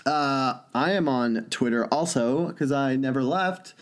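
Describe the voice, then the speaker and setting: A man's voice: medium pitch, a little slow. A man co-hosting a podcast in casual banter, joking and swearing a lot. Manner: profane, joking, animated. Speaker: podcast co-host.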